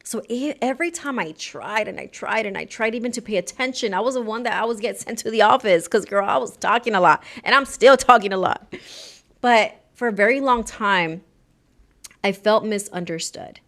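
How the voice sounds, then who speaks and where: A young woman talks straight to her viewers in a casual, confiding way. Her voice sits at an ordinary middle pitch, and she swings between hushed near-whispers and sudden louder stretches as she tells her story. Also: moderate pace. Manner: chatty and candid, talks to viewers as "girl"; swings between loud bursts and soft whispers. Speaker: vlogger. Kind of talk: personal storytelling to camera.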